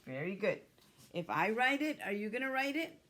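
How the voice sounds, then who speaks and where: A woman's voice: mid-range voice, very animated, normal speed, fairly bright tone. A woman teacher leading an early-grade writing lesson, patiently sounding out letters and words.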